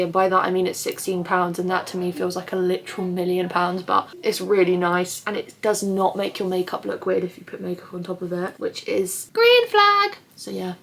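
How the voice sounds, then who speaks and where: A woman's voice: medium pitch, slight background noise. Chatty woman vlogging, swearing freely. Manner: chatty and candid, swearing freely, quick asides. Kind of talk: casual chat to camera. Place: at home, then outdoors.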